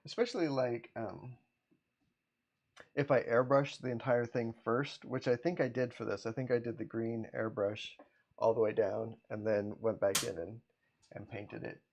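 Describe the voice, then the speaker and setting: Laid-back guy with a gravelly voice, chatting with his stream, kinda muffled lo-fi audio. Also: medium pitch, moderate pace. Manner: relaxed, greets chat by name, chuckles often. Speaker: livestream host, comic artist. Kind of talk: casual livestream chat.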